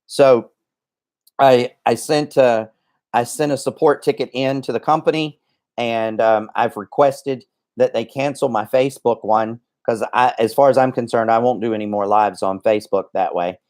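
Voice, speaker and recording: A man hosting a casual livestream who rambles along with plenty of ums and restarts. He sounds a little out of breath. His voice sits at an ordinary middle pitch. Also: steady tone, normal speed, a little mellow. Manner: rambling, chatty, many fillers and restarts. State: slightly out of breath. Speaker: livestream host.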